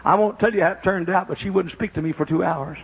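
An older man preaching a sermon, dropping to a low confiding tone and rising to high shouted praise. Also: quick pace, vocal fry, lo-fi sound, a little hiss or hum.

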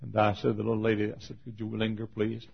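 An older man preaching a folksy, storytelling sermon, swinging between loud passages and hushed asides. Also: lowish voice, monotone, fast, vocal fry, slightly rough. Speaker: pastor. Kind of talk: sermon with acted quotes. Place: auditorium. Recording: dull lo-fi sermon recording.

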